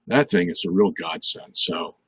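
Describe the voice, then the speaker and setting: A man's voice: low-pitched, lively intonation, moderate pace, a bit bright, slightly rough, dry recording, rough recording. An older man hosting a live question show, talking casually and rambling with many fillers and restarts. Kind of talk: casual live-stream talk.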